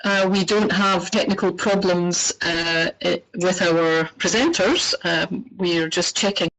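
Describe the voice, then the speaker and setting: A woman with a Scottish accent, leading a webinar as executive director, speaking in a friendly but halting way with many fillers over a poor computer microphone. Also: on the low side, a bit bright. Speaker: executive director of a parks network. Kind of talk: webinar presentation. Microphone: computer microphone on a web call.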